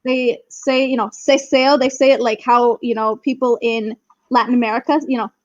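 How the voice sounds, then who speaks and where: A young woman with a fairly high voice talks eagerly as a podcast guest, sprinkling her sentences with "like." The sound is dry and close, a little dull and lo-fi. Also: flat delivery, moderate pace, no room sound. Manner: chatty, many "like" fillers, enthusiastic. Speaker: guest, Spanish teacher. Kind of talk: casual podcast chat.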